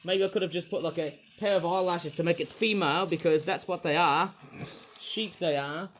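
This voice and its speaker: A man's voice: on the high side, fairly even intonation, moderate pace, slight background noise. A man reviewing toys in a casual, rambling vlog, circling back on filler words and drifting into a grumbling rant. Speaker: toy reviewer.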